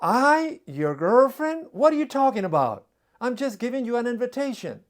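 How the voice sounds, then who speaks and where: A man's voice: high-pitched, very animated, moderate pace, darkish tone, voice pushed up. A man voicing a pious young woman who invites people door to door, polite and earnest. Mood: indignant.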